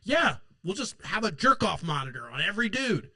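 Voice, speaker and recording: A man's voice: sits high, sing-song, fairly quick, bright, forceful tone, dry recording. A man hosting a political show, ranting angrily and sarcastically, swearing constantly and mocking opponents in put-on quotes. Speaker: political podcast host. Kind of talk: profane political rant.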